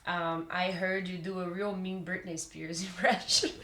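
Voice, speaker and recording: A woman's voice: fairly low pitch, flat delivery, moderate pace, bright, forceful tone. A woman hosting a casual podcast interview, enthusiastic, swearing casually and laughing often. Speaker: podcast host. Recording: roomy echo.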